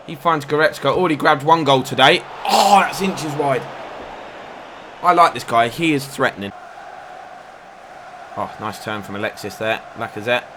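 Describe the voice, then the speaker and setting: A young man commentating on his football video game match, excitable and bursting into loud outcries at near misses and fouls. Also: mid-range voice, background noise. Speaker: gaming YouTuber.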